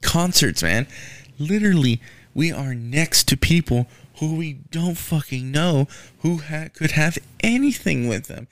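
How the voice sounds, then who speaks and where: This is a young man from Houston hosting a solo podcast, ranting profanely with frequent "um"s and "man"s. He speaks unhurriedly in a fairly high voice with lively intonation, and there's no echo.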